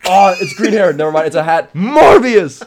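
A young man co-hosting a podcast, trading crude jokes in excitable casual banter. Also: fairly high pitch, fast talker, a crowd in the background. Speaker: podcast co-host. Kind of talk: casual chat.

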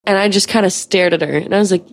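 A woman's voice: mid-range voice, quick pace. A woman in her twenties, a podcast host, telling a story in a casual, profane, chatty way with many fillers.

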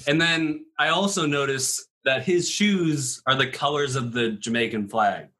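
Bright-voiced man rambling through a silly pitch. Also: a little slow. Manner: rambling, laughs often, with many fillers. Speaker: podcast host pitching a made-up movie. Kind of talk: casual comedic storytelling.

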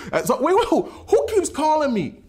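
A man's voice: extremely high pitch, wildly swooping pitch, moderate pace, darkish tone, pitched above the performer's own voice, heavily acted. A man acting out a young male prophet who is confused and keeps stammering in casual slang. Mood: puzzled.

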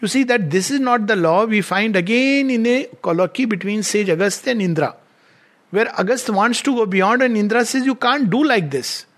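A man's voice: high-pitched, fairly quick. A man, his voice sitting well above the usual male register, retells a myth as a spiritual lecturer. He acts out each quoted line with animation in an engaging storytelling manner.

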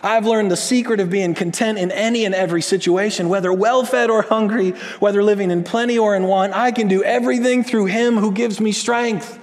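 Preacher with a high voice in a reverberant hall. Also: male voice, fairly quick, few pauses. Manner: animated storytelling, swings between loud and hushed. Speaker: pastor. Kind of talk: sermon.

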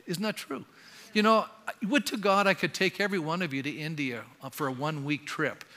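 A man's voice: fairly high pitch, a little fast, sharp tone. An older man preaching a sermon as pastor, talking conversationally and often asking the congregation questions. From Canada. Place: church sanctuary. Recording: long hall reverb.

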